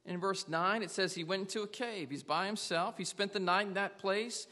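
A man's voice: sits high, moderate pace, sharp tone, big-room sound. A man preaching a sermon to a congregation, earnestly asking them question after question. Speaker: pastor.

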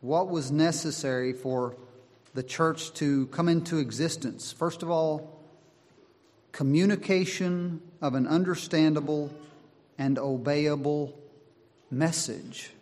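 A man preaching a sermon, slow and deliberate, driving his points home with emphatic repetition. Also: fairly high pitch, darkish tone. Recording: long hall reverb.

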